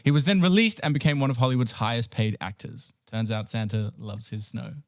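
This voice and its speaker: A young man co-hosting a podcast from a home studio, telling quick stories with a joking, lively manner. His voice sits at a middle pitch. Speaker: podcast co-host. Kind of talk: casual chat.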